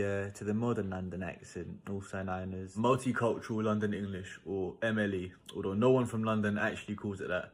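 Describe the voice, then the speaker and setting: A man explaining accents in a conversational, wry manner. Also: lowish voice. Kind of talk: casual explainer video.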